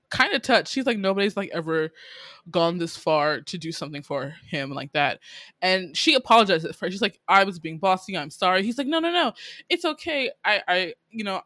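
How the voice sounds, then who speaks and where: This woman has a medium-pitched voice and no echo around her. As a podcast co-host, she goes over a drama in casual conversation, animated and laughing frequently while voicing what the characters said.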